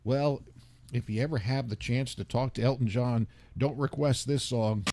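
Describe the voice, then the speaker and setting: A man's voice: mid-range voice, steady tone, moderate pace, heavy background noise. An older man hosting a radio show, chatting casually and rambling as he reads listener comments aloud. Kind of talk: casual DJ chat.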